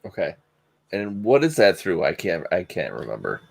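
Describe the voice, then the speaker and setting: A man playing a tabletop game, talking in a lively, joking way. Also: low-pitched, normal speed, gravelly, husky. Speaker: player.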